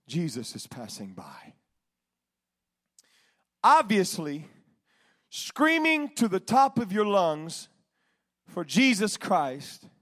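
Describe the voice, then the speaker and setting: Male preacher, high voice, sermon that swings from shouts to hushed lows.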